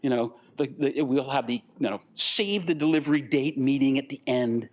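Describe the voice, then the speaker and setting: An older man giving a conference talk, animated and rambling, acting out the voices of the people in his stories. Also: medium pitch, moderate pace. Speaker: guest speaker.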